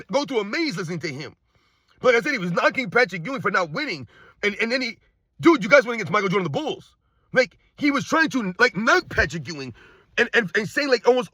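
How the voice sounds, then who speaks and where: A man hosting a sports commentary show, ranting in a heated, repetitive way and firing off exasperated rhetorical questions in a husky voice. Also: high-pitched, big pitch swings, fast, bright, forceful tone, dry recording.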